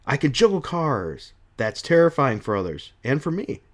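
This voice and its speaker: A man's voice: mid-range voice, sing-song, normal speed, lightly acted. A man reading out a young male superhero's comic lines, raised and emphatic. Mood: earnest. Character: young male superhero, joking yet earnest.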